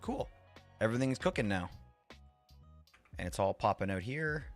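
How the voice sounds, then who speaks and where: A man streaming a game live, rambling excitedly, laughing and swearing as he reacts to chat. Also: lowish voice, normal speed, faint music behind.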